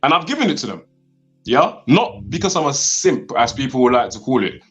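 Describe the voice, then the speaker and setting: A man's voice: mid-range voice, sing-song, fairly quick, fairly bright tone, soft background music. Sarcastic man arguing. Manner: sarcastic, argumentative, tag questions. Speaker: construction worker, debate guest. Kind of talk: heated debate. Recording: slightly dull sound.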